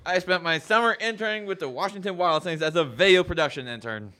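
A man's voice: high-pitched, quick pace, sharp tone. A young man co-hosting a casual college radio show, laid-back, answering in short easygoing replies. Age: young adult.

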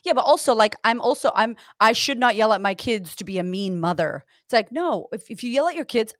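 A woman's voice: fairly high pitch, expressive, a little fast, few pauses, fairly bright tone, no room sound, clean studio sound. A woman in her thirties, a coach and author of Puerto Rican heritage, chatting on a podcast in an emphatic, profane, motivational way. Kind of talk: casual podcast chat.

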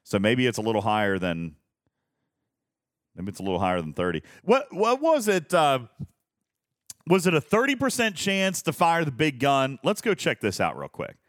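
Man hosting a gaming stream, animated pitch, rambling and laughing, dry close mic. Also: moderate pace, pauses often, dry recording. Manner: rambling, laughs often, reads chat aloud. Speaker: streamer host. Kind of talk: casual live-stream chat.

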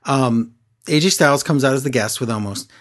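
A man co-hosting a casual wrestling podcast, recapping with animated asides. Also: mid-range voice, a little fast. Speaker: wrestling show co-host.

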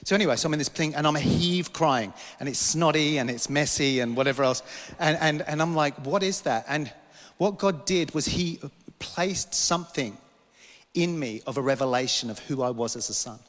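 A man's voice: fairly high pitch, moderate pace, fairly bright tone, big-room sound. A man from Britain preaching a sermon, telling a personal vision story with rambling asides and small jokes. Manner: storytelling, rambling, self-interrupting, joking asides. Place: church hall.

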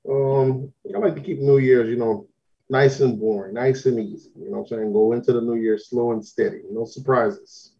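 A man's voice: medium pitch, steady tone, moderate pace, mellow. Laid-back man telling a story, lo-fi sound. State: recovering from illness, lingering symptoms. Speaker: podcast co-host. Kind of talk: casual podcast chat.

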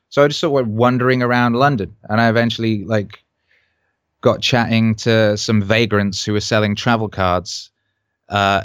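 Man from Wales, musician guest; lowish voice, animated anecdotes, dry mic. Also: no echo. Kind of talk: casual storytelling interview.

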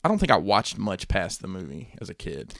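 A man in his forties co-hosting a casual podcast, talking in a relaxed, rambling way. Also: sits low, a little fast, vocal fry, dry recording, clean studio sound. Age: 40s. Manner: relaxed, rambling, self-correcting. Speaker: podcast co-host. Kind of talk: casual chat.

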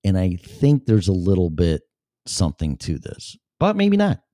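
Blunt, sarcastic man with a low voice. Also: wildly swooping pitch, normal speed, mellow, no echo, studio quality. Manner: blunt, sarcastic, swears freely. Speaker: talk show host. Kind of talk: casual solo show, reading chat aloud.

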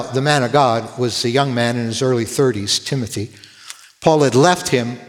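A man's voice: mid-range voice, long reverb tail. A man preaching a sermon as pastor, earnest, often repeating words as he starts a phrase.

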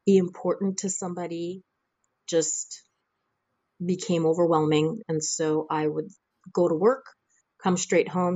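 A middle-aged woman from the American Midwest tells her own story frankly in an interview. Her voice sits a little low, and she slips into livelier voices to quote people. The recording is dry and close, with no room sound. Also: a little mellow, dry recording, low-quality recording. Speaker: interview guest. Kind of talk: candid personal storytelling.

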